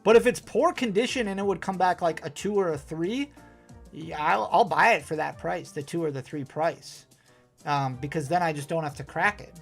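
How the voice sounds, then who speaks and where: A man's voice: a little high, normal speed, gravelly, faint music behind. Wisconsin guy hosting a pack-opening stream, chatty, laughs at himself a lot. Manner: chatty and self-deprecating, laughs often. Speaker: host. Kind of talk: live-stream card-pack opening, reading chat.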